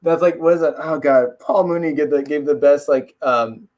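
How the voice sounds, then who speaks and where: Male host, casual rambling fight talk, a bit high-pitched, laughs a lot, slips into impressions. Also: normal speed, a little mellow. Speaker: MMA video host.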